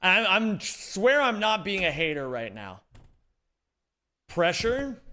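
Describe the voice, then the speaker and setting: Lively young male streamer with playful banter. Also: high voice, slow. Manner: animated, rambling, jokey banter. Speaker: livestreamer. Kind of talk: casual chat with viewers during a gaming stream.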